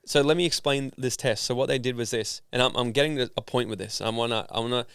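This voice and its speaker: A man from Australia, a guest on an interview podcast, telling a story in a casual, animated way and acting out the voices of people in it. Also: medium pitch, fast talker, smooth, dry recording, clean studio sound. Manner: animated, acts out voices in his stories. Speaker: guest, personal development founder.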